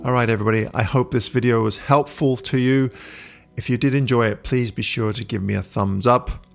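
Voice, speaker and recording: A man narrating a photography tutorial in a relaxed, explanatory way, pausing often with "uh". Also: mid-range voice, creaky, faint music behind. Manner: relaxed, explanatory, with frequent "uh" pauses. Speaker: photography instructor. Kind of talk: voice-over tutorial.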